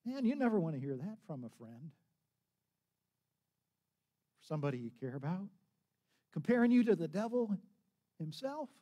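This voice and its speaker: A male pastor preaches in a loose, storytelling way, often restarting his sentences. His pitch sits a bit high for a man and swings widely as he acts out each moment. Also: big pitch swings, a little fast, dark tone. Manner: conversational storytelling with restarts and acted quotes. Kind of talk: sermon.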